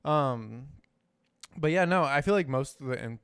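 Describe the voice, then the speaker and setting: A man's voice: fairly high pitch, expressive, a little slow, clean tone, no echo. A man co-hosting a podcast in casual chat, laid-back and hesitant with many fillers. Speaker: podcast co-host.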